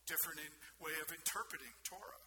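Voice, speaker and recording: Ernster Prediger, verrauscht. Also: male voice, fairly high pitch, fast talker. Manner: earnest, questioning the audience. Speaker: preacher. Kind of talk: sermon. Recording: noticeable background noise.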